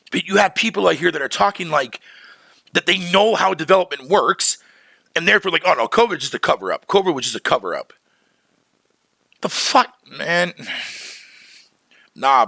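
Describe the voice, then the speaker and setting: Male streamer, slangy and profane heated rant, fairly high lively voice, dry close sound. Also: gravelly, no echo. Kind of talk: casual livestream rant.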